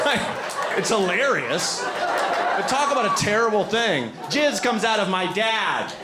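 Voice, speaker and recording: A man performing a stand-up set, telling animated stories and acting out other people's voices on a handheld stage mic. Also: high voice, a little slow, over a noisy crowd. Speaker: stand-up comedian. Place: comedy stage with audience. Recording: live show with audible background noise.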